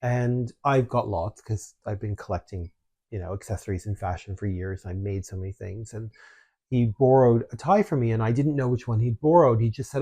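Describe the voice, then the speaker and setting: Brief: male podcast host, warm mellow tone, lively storyteller, casual chat. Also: on the low side, brisk, breathy edge. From Canada. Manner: chatty, animated storytelling.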